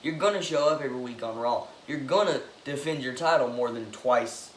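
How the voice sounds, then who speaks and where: A man giving an excitable, opinionated monologue, swearing and breaking into loud outbursts. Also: mid-range voice, a little fast, a little hiss or hum. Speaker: wrestling commentator giving predictions. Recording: echoey room with faint ambience.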